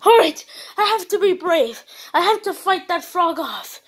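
A woman with a very high voice acts out a comic skit. Her pitch leaps around, and she speaks slowly and deliberately. She shifts from chatty play-acting to theatrical, panicky yelling. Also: lively intonation. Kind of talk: playful comedic skit acting.

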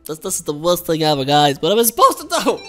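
A woman hosting a gaming channel, giving excitable let's play commentary and talking to viewers as "guys". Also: on the low side, fast talker, soft background music.

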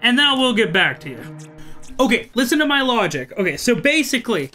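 High-voiced, chatty male game commentator. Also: sing-song, brisk, sharp tone, faint music behind. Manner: thinks aloud, chatty and self-interrupting. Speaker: let's play host.

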